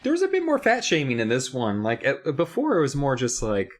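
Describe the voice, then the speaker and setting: A man's voice: medium pitch, huge pitch swings, fairly quick. A man co-hosting a casual podcast about a kids' horror book, rambling and restarting, with mock-outraged asides. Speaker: podcast co-host. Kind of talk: casual book-club chat.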